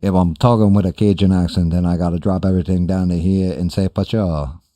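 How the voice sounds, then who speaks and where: Older male streamer host, deep mellow voice, crude and self-mocking, off-the-cuff chat. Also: little pitch movement, fast talker, dry recording. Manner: profane, rambling, self-deprecating. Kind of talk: casual chat reading live chat.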